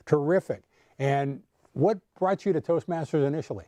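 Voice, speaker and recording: Over a video call, a man hosts a speaking club meeting, introducing and interviewing speakers with upbeat encouragement. His voice is on the high side with a dark tone, at a moderate pace, in a dry recording.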